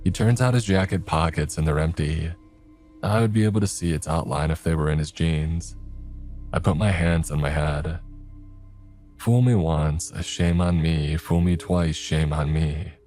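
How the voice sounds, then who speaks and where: A man telling a scripted first-person horror story, grave and steady, with stern lines of dialogue. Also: rumbling low, a little slow, soft background music.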